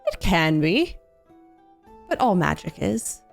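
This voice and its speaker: Slow-spoken woman dungeon master. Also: fairly low pitch, very animated, creaky, soft background music. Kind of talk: narrating a tabletop game.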